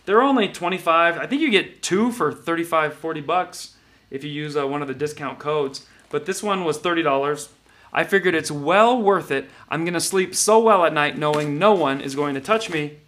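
A man's voice: fairly high pitch, pushed and bright. A male host delivering comedic political commentary with a sarcastic, mocking and punchy manner.

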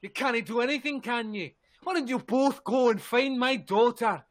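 A man playing a gruff, grieving lumberjack in his fifties who snaps at strangers. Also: very high voice, normal speed. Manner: bitter, snapping, defensive.

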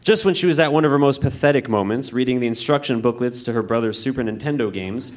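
Man reading a childhood story deadpan. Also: mid-range voice, quick pace, slight background noise. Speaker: reader. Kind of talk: reading his childhood story aloud on stage. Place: live show in a music venue.

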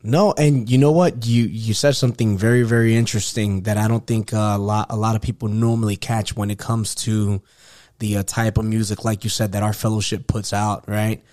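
A man's voice: lowish voice, fairly even intonation, a little fast, a little mellow. A man from Queens, New York, telling his story in an earnest, reflective way in casual conversation.

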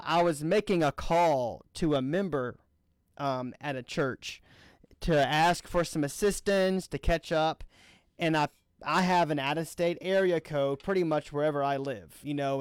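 Male minister host from Louisiana, smooth voice a bit high, dry room. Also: no room sound. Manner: friendly joking with restarts. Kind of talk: casual talk leading a church session.

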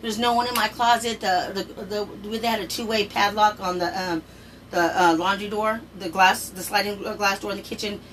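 A middle-aged woman casually telling a personal story, animated and swearing freely, her voice jumping up in pitch when she quotes people. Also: moderate pace, recorded from a distance, slight background noise, rough recording. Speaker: storyteller recounting a personal experience.

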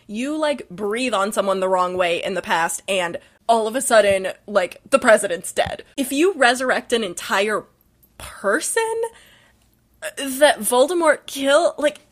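High-voiced laughing woman podcaster. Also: unhurried. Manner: laughing often, swearing, animated retelling. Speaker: podcast co-host. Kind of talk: casual chat, retelling a book.

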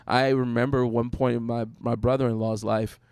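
A man, a pastor, talking through faith in a casual discussion, animated and storytelling, with bursts of acted-out voices. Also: medium pitch, moderate pace, clean tone, no room sound.

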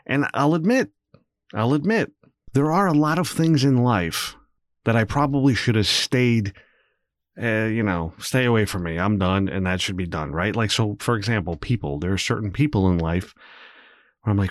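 A young man hosts a solo podcast, rambling candidly and swearing freely while swinging between low muttering and animated bursts. He speaks at a moderate pace in a dry recording.

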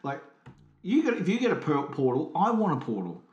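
A man's voice: on the high side, huge pitch swings, brisk, a little mellow, echoey room, highs cut off. A man co-hosting a podcast, chatting playfully and joking. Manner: playful, jokey. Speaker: podcast co-host. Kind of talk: casual chat.

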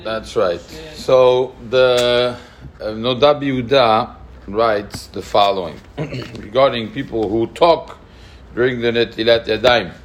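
A man teaching a class on Jewish law, asking lively questions and mixing Hebrew terms into his English. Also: mid-range voice, slow pace. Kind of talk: spoken Jewish law lesson.

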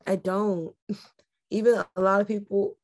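A woman's voice: mid-range voice, level tone, unhurried, darkish tone. A woman from New York co-hosting a casual chat about a TV show, laughing often. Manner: giggly, easygoing, laughs often. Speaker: podcast co-host.

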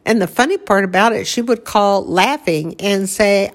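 A woman's voice: medium pitch, moderate pace. Older woman reminiscing with laughs. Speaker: grieving daughter recalling her mother. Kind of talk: casual conversation.

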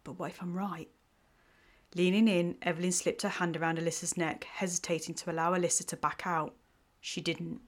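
A woman reading a romance story aloud in an even, measured way. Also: fairly low pitch. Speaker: host and story narrator. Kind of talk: scripted story narration.

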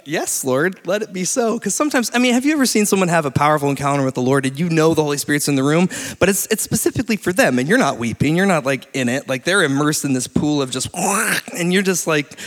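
A man in his late thirties preaching a sermon in a church, telling stories with lively energy and laughing often. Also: fairly high pitch. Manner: animated storytelling, laughs often. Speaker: pastor. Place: church hall. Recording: long hall reverb.

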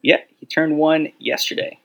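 A man's voice: on the high side, fairly even intonation, creaky, poor audio. A man who is a guest on a podcast, easygoing and teasing in casual chat. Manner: easygoing, teasing, quick agreements.

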